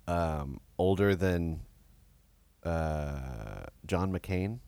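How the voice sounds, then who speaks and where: A man's voice: deep voice, animated, extremely slow, dark tone, smooth, dry recording. A young man co-hosting a podcast, talking casually about a movie with dry, wandering jokes and frequent restarts. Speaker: podcast co-host.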